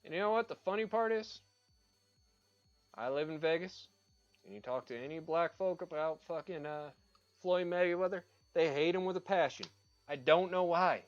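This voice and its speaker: A man's voice: on the high side, moderate pace, dull audio, soft background music. A man chatting casually while he paints on a livestream, ranting and swearing freely as he rambles from one opinion to the next.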